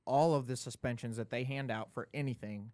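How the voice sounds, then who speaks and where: A man's voice: medium pitch, steady tone, darkish tone, dry recording. Man in casual dry sports chat. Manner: conversational, quick to agree and interject. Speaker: podcast co-host.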